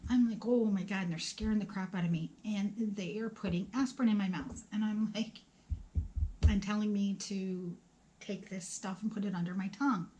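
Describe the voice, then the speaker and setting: A woman in her forties speaks to the camera at a medium pitch, telling her own story in plain, conversational words. She acts out what people said and now and then drops her voice to a whisper. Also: steady tone, normal speed, warm tone, a little hiss or hum. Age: 40s. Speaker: vlogger.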